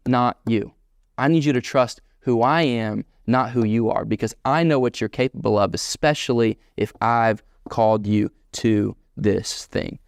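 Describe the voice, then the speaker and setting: A man preaching a sermon as pastor, animated and emphatic, voicing quoted dialogue in bursts. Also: medium pitch, unhurried, creaky, no echo, studio quality.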